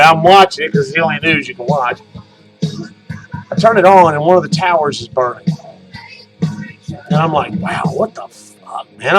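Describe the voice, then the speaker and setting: High-voiced rambling, profane male podcast host. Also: low-quality recording. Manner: rambling, profane storytelling with loud outbursts. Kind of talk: casual monologue podcast.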